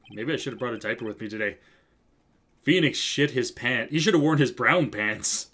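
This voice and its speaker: A man's voice: mid-range voice, normal speed, fairly bright tone, a little hiss or hum. A man streaming a video game, making offhand joking asides in casual commentary.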